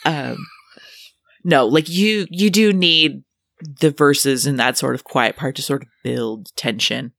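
A co-host in a casual music podcast, relaxed, reading from notes and swearing casually. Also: mid-range voice, slow, gravelly, no echo, studio quality.

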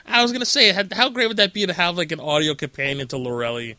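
A man's voice: sits high, fast talker, pushed and bright, dry recording. A man hosting a podcast, chatting casually and upbeat with his guest. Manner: chatty, upbeat, self-mocking. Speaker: podcast host. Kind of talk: casual interview chat.

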